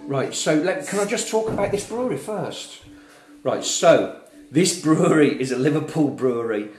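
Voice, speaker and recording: A man's voice: fairly high pitch, lively intonation, normal speed, a little mellow. A man hosting a live beer review in casual chat, telling stories with chatty, exasperated banter. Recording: roomy echo.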